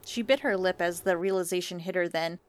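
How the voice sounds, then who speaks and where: A woman's voice: on the low side, fairly quick. Woman reading a romance story aloud. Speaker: narrator.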